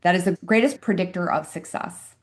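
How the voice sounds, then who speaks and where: This fairly low-pitched woman talks at a fairly quick pace. In her fifties and working as a physician, she's a guest on an interview podcast, sharing stories with earnest, reflective emphasis in a conversational way.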